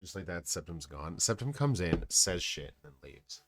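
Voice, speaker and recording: A man chatting casually on a live stream, joking and rambling, with quiet mumbled asides between loud outbursts. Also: sits low, sing-song, moderate pace, vocal fry.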